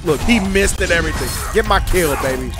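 A man, commentating his co-op stealth game casually, excitable and joking, teasing his partner. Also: high voice, fairly quick, over music. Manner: excitable, jokey, trash-talks his partner, bursts into loud laughs. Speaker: gaming channel host.

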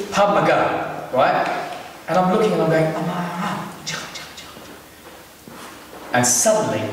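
A British man telling a comic story on stage, animated and acting out scenes, laughing often. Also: fairly high pitch, a little hiss or hum. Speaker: comedian. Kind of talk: live stand-up storytelling. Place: large hall with live audience. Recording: echoey hall recorded from far off.

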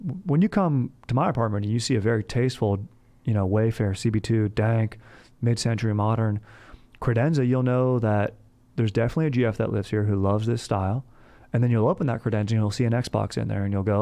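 A man's voice: lowish voice, steady tone, fast talker, dark tone. A young man hosting a comedy podcast, chatting casually in bro slang and saying "dude" all the time. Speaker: podcast host.

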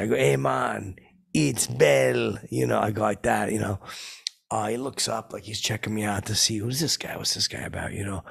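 A man doing a gravelly rambling braggart. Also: lowish voice, bright, forceful tone. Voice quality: gravelly, husky. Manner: meandering, halting, full of fillers and sound effects. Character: dim, boastful washed-up male hanger-on telling tall tales. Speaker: comedy podcast host in character. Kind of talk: rambling deadpan anecdote.

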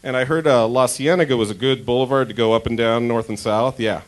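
A man's voice: medium pitch, brisk. A man from Denver doing a stand-up comedy set on a club stage, chatty and crude, often interrupting himself.

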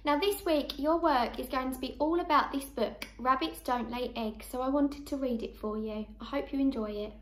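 A woman teacher reading a picture book aloud to young children, slow and expressive. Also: sits high, reverberant.

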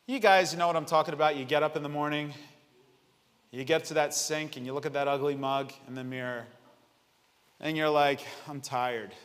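A man preaching a sermon, reading scripture dramatically and swinging between loud declarations and hushed lines. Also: fairly high pitch, fairly even intonation, normal speed, long reverb tail. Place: church sanctuary.

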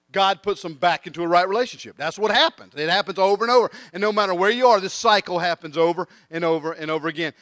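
A middle-aged man, preaching a sermon in a church and telling a funny story in an animated way, acting out the voices. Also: high-pitched, dry recording, studio quality. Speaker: guest preacher.

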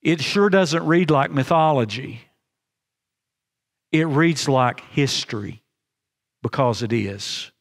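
Earnest man preaching in a reverberant chapel. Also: medium pitch. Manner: earnest, halting restarts, slows for emphasis. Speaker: pastor. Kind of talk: sermon.

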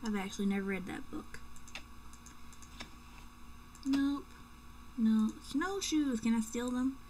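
Slow-talking young woman joking over a game. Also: on the high side, darkish tone, slight background noise, low-quality recording. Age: young adult. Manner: chatty and joking, with playful whispered asides. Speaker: let's play gamer. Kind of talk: casual gameplay commentary. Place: home room at night.

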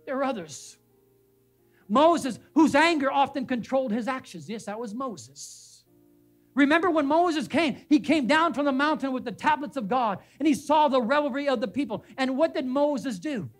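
A male pastor preaches in a church sanctuary with faint music in the background. His voice is very high-pitched and expressive at normal speed, and he repeats names and phrases for emphasis while asking the congregation questions.

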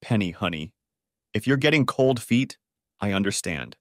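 A man's voice: on the low side, expressive, normal speed, no room sound, clean studio sound, natural voice. A man voicing an anxious young groom who speaks earnestly and pleadingly in an audiobook story.

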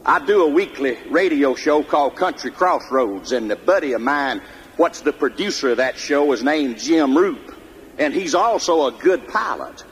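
A man's voice: a little high, moderate pace. Southern mississippi guy hollering funny stories on stage, roomy echo, faint hiss. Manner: loud, animated, yelling for effect. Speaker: comedian storyteller. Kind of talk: live comic storytelling. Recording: echoey hall, faint noise.

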